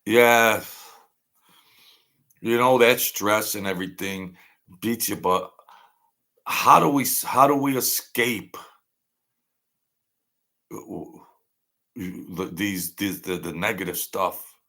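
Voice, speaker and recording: Hosting a casual livestream, a man tells rambling stories that trail off and get restarted. He speaks slowly with long pauses, in a lowish voice with a sharp tone.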